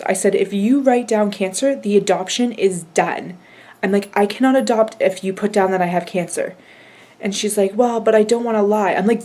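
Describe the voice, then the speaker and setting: A woman's voice: mid-range voice, a little mellow. A woman in her thirties giving a casual vlog update, chatty and retelling conversations in quoted back-and-forth. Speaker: vlogger.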